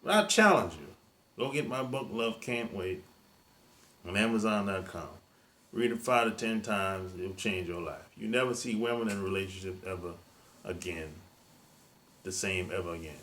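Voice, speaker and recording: Dating-coach host, male, bright and pushy delivery, colloquial grammar, repeats himself for emphasis. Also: fairly low pitch, expressive, moderate pace. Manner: emphatic, repetitive, preachy; colloquial, drops verb endings. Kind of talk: monologue dating advice.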